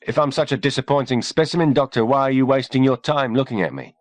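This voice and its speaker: Man doing a gruff, sarcastic army sergeant. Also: medium pitch, fast talker, no echo, pitched above the performer's own voice, lightly acted. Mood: mocking. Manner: sardonic, growling banter.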